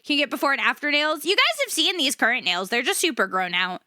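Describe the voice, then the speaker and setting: A woman's voice: high voice, big pitch swings, fast talker, bright, forceful tone, dry recording, studio quality. A woman streaming live, chatting casually with her viewers, laughing often and swearing freely.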